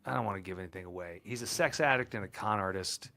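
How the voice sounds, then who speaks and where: Lowish voice dude cracking jokes on a podcast, bright edgy tone. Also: male voice, fast talker, vocal fry. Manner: joking, teasing banter. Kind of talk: casual podcast chat.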